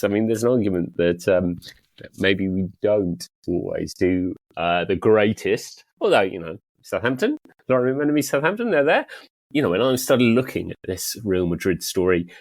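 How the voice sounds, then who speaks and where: Chatty male host, laughs a lot, animated delivery, dry mic. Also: no echo. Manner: chatty, laughs often, lively rises and drops in pitch. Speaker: podcast host. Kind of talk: casual chat.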